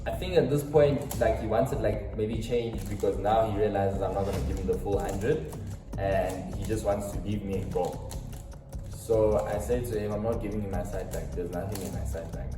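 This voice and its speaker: A man's voice: fairly low pitch, fairly even intonation, moderate pace, distant mic. A young South African man telling a dramatic storytime vlog, acting out quotes and tossing slangy asides to viewers. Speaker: storytime vlogger. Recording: roomy echo, off-mic, faint music.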